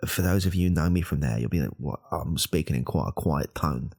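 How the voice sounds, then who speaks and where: Man playing a hushed, gravelly alpha podcaster. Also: fairly quick, heavily acted. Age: 30s. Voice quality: gravelly, husky low voice. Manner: hushed, rambling, self-correcting. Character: self-important male alpha podcaster, insecure and rambling. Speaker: podcast host. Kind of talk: whispered role-play.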